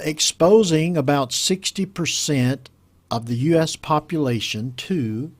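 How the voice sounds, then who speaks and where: A man teaching English vocabulary and pronunciation, explaining slowly and patiently and repeating each model word. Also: a little high, no echo. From United States. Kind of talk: teaching vocabulary from a news story.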